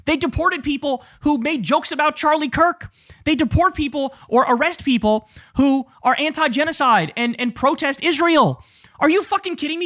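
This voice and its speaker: Profane, sarcastic male commentator, high pitch, close dry mic. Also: animated, moderate pace, fairly bright tone, dry recording. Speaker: political commentary host. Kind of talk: angry political commentary reacting to clips.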